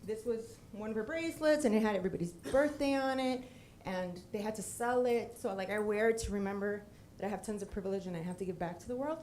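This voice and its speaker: A middle-aged woman from Puerto Rico giving a personal storytelling talk with slides. She is humorous, lively and often drifts into tangents and acted quotes. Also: mid-range voice, fast talker, slight background noise. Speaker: storytelling speaker on stage.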